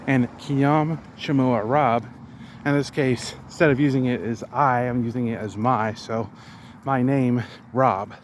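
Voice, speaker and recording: A man in his thirties, working through language lessons outdoors in a green rural spot, talking casually with halting, self-correcting phrasing and frequent sighs. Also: mid-range voice, steady tone. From United States. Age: 30s. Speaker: vlogger learning a language. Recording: outdoor recording with clear ambient noise.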